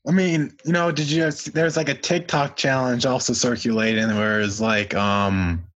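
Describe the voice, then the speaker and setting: Young male podcast host, mid pitch, rambling with fillers, slightly muffled remote line. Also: fairly even intonation, normal speed, a bit bright. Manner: rambling, full of "you know" fillers. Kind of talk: casual chat.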